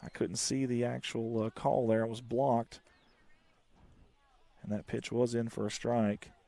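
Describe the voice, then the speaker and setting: A man calling a live high school baseball game by himself, in folksy, chatty play-by-play that jumps up on the big plays. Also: a little slow, vocal fry, no room sound. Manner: folksy one-man commentary, excited calls. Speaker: play-by-play announcer.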